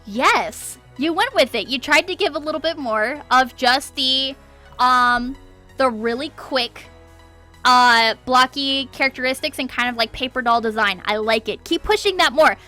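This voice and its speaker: Woman streamer critiquing fan art live, high bright voice, keeps saying okay?, repeats stuff for emphasis. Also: unhurried, faint music behind. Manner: encouraging, checks in with "okay?" often.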